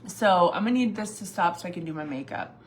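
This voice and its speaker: A mom and vlogger in her forties rambles on a livestream, full of fillers and restarts and teary at times. Her voice is lowish, expressive, and quick, with slight background noise.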